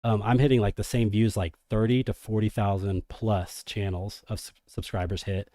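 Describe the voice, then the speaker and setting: A man with a fairly low pitch speaks at normal speed, captured in studio quality with no room sound. He runs a laid-back crypto stream, hyping things up energetically and addressing viewers as degens.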